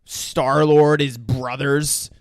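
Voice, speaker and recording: A man's voice: mid-range voice, little pitch movement, very slow, no echo, studio quality. A man co-hosting a podcast in casual chat, eager and agreeable and swearing freely. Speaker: podcast co-host.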